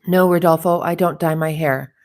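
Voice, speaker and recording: A woman's voice: low-pitched, steady tone, moderate pace, darkish tone. A woman hosting a casual livestream chat, reading out viewer comments and teasing them in a chatty way. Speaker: livestream host.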